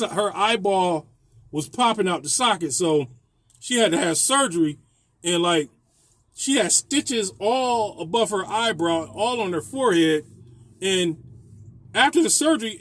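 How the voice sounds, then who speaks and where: A man's voice: high-pitched, no room sound. A man, a landlord, telling a rambling, profane story about a tenant in a casual vlog, laughing often.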